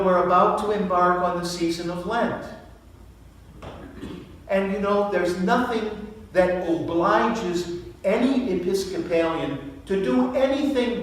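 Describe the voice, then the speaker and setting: A male priest giving a sermon in a church, speaking slowly and deliberately and asking rhetorical questions. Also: high voice. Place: church sanctuary. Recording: very echoey church from far off.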